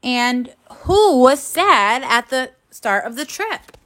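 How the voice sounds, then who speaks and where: Woman teacher doing a phonics lesson for young kids, slow and careful, kinda high voice. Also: very animated, a bit bright. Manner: slow, careful, encouraging classroom delivery.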